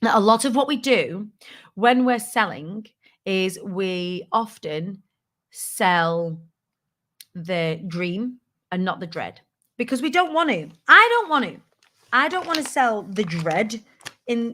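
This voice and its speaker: A woman talks straight to her audience in a loose, motivational style, with a forceful edge to her voice. She is candid and playful and swears casually as she coaches her viewers. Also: medium pitch. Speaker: host of a business tips show.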